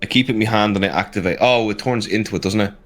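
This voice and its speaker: A man playing his character in a tabletop game, speaking in a measured, questioning way. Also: on the low side, faint music behind. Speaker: player.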